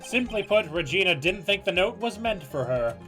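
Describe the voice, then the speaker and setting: A man's voice: high-pitched, expressive, normal speed. Man playing a young defense attorney, stiff formal court voice, game music behind. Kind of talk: fan voice reading of a game.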